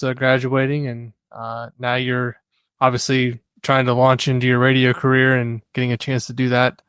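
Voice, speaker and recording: A man hosts a sports podcast in a casual, conversational way, often pausing on "uh". His voice is smooth and resonant. The recording is close and dry. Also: medium pitch, dry recording. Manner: filler-heavy, conversational with frequent "uh". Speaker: podcast host.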